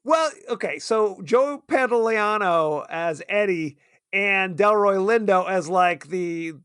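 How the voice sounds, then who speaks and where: A man's voice: high-pitched, takes it slowly, fairly bright tone, clean tone, no room sound, studio quality. A man co-hosting a podcast in casual chat, amused and chatty, laughing often as he talks about a movie. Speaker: podcast co-host.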